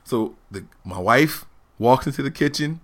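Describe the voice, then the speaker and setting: A man in his thirties telling a family story on a casual talk show, animated and laughing often as he acts out the people in it. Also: mid-range voice, normal speed. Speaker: podcast host telling a story.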